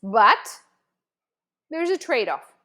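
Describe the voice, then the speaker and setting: A woman's voice: fairly high pitch, very animated, very slow, pushed and bright. Earnest woman telling a personal story. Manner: emotional, earnest, many fillers. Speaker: host.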